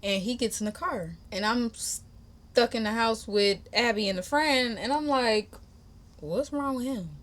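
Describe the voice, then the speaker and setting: A young woman hosting a podcast, telling a personal story in a chatty, animated, slangy way and talking straight to her listeners. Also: a little high, measured pace. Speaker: podcast host. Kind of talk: casual storytime.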